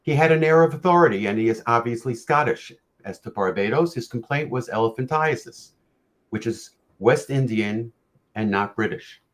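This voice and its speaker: An orofacial pain practitioner, a man with a medium-pitched voice, delivers a lecture on facial pain. He speaks in a measured, storytelling manner, with occasional fillers and restarts.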